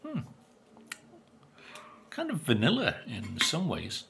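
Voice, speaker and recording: A man's voice: medium pitch, wildly swooping pitch, takes it slowly, creaky, pushed and bright. An older man, chatting casually while tasting biscuits, musing with plenty of fillers and speaking with his mouth full at times. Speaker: vlogger. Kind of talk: casual food review.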